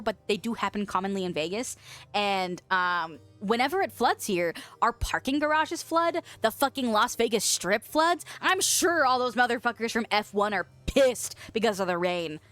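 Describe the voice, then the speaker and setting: Young woman streamer, casual chat, lively swooping pitch, high-ish voice, swears a lot, faint music behind. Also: moderate pace. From western United States. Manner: chatty, swears freely, laughs often. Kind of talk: casual chat reading viewer comments.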